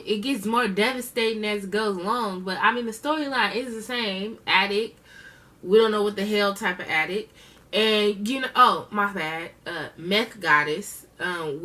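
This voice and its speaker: Heard from a distant mic, a woman with a medium-pitched, bright, forceful voice reviews reality shows with blunt, slangy, profane commentary. She's chatty and speaks straight to her viewers.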